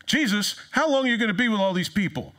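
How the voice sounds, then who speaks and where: A man's voice: high-pitched, big pitch swings, fast talker, bright, forceful tone, voice pushed up, heavily acted. A preacher putting on the voices of grumbling, impatient male disciples who brush people off. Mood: whiny. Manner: whiny, dismissive.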